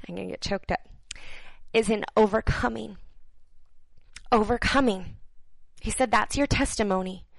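A woman minister delivers prophetic words to viewers, earnest and halting, repeating phrases for emphasis and dropping into soft, near-whispered passages. Her voice is mid-range, and the low-quality recording has no echo.

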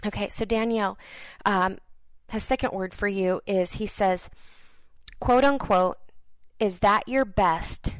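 A woman delivering prophetic words to viewers as a minister, earnest and halting, repeating phrases for emphasis and dropping into soft, near-whispered passages. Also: medium pitch, no echo, rough recording.

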